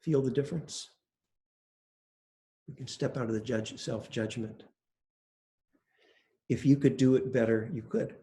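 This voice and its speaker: An older man with a gravelly, fry-edged voice gives an easygoing dharma talk. He speaks at a middling pitch, drifting through anecdotes with hesitations and gentle self-deprecation. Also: a little slow, pauses often. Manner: relaxed, conversational, self-deprecating storytelling with hesitations. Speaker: meditation teacher.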